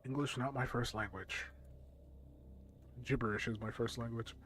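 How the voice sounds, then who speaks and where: A man's voice: mid-range voice, animated, moderate pace, pauses often, slight background noise. A tired male streamer making casual, self-mocking commentary while playing a game. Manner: self-mocking, laughing asides.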